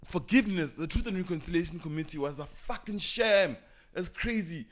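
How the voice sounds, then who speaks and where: A man's voice: sits high, a little fast. A young man from South Africa with a South African English accent, co-hosting a podcast in heated casual chat, swearing a lot and acting out quoted voices, recorded through a camera's built-in mic. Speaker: podcast co-host.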